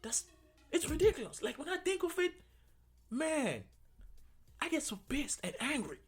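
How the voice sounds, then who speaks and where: A man's voice: extremely high pitch, sing-song, moderate pace, soft background music. A man hosting a talk show, giving emotional, heated commentary and often repeating his phrases. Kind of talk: impassioned commentary.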